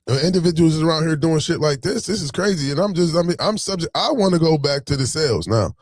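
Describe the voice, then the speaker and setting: Animated streetwise man telling a story. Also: fairly high pitch, fast talker, hardly any pauses, no echo, clean studio sound. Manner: animated, streetwise, swears freely. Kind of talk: casual storytelling to camera.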